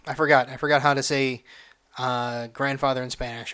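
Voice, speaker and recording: A man hosting a casual solo podcast, retelling a movie with heavy swearing and halting restarts, emotional and excitable. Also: mid-range voice, clear, resonant tone. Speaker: podcast host.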